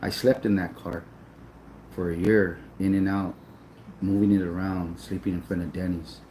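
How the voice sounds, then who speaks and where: A man's voice: low-pitched, little pitch movement, normal speed, mellow, echoey room, slight background noise, rough recording. A man telling a personal story in casual, profane speech, with emotion and plenty of repetition. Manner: emotional, profane, repeats himself. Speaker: storyteller recounting his son's boxing.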